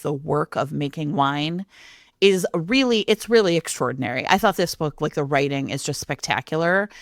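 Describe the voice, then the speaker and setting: A woman co-hosting a book podcast, recommending a novel in relaxed chat with hesitant fillers. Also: sits low, no echo, studio quality. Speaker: podcast co-host.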